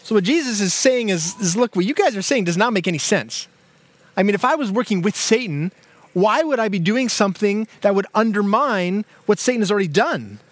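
A man's voice: sits high, expressive, brisk, no echo. A man, a pastor, preaching a sermon in a conversational way, with many fillers and restarts. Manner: conversational, with frequent fillers and repeated words.

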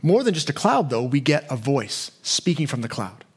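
A man preaching a sermon as a pastor in an earnest way, acting out imagined questions to God and going soft and low on key points. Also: big pitch swings, moderate pace, slightly rough.

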